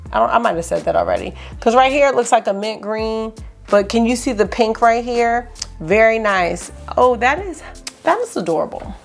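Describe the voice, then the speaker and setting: A woman vlogger chatting excitedly through a makeup swatch review, rambling with lots of asides. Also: a little high, vocal fry. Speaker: beauty vlogger.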